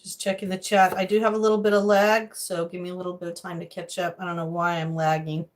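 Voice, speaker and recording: A woman's voice: on the low side, little pitch movement, quick pace. Chatty woman cooking on a livestream. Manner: chatty, greets chat viewers by name, rambling asides. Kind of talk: casual livestream chat while cooking. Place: home kitchen.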